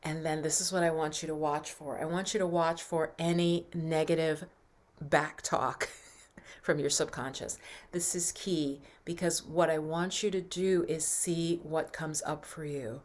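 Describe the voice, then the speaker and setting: A woman mindset coach talking earnestly to her viewers, guiding breathing and affirmations in a slow, soft voice. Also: sits low, steady tone. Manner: earnest, encouraging, slows and softens for breathing exercises. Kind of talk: coaching talk with guided affirmations.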